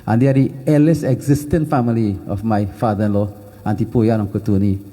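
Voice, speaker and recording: A man's voice: on the low side, fairly even intonation, fairly quick, dark tone. A man leading a temple celebration, making rambling, informal announcements and birthday wishes. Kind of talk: hosting a religious gathering. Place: temple hall.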